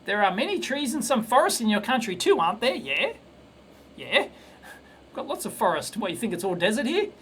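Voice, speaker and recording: A man's voice: sits high, big pitch swings, a little fast, a bit bright. Australian man, casual live-stream chat, rambling, blunt, stammered restarts, faint room noise. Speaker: electronics video host.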